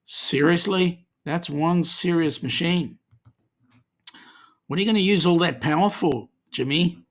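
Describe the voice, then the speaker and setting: A man's voice: on the high side, unhurried, a bit bright. Man, Australian accent, livestream host, reads chat comments, casual, chatty, filler words. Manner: chatty and easygoing, with many ums and slang.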